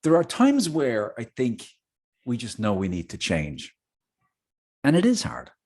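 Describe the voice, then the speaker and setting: Animated middle-aged man telling a story. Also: mid-range voice, measured pace, husky. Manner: animated, jokey asides, chatty. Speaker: host. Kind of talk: casual storytelling monologue.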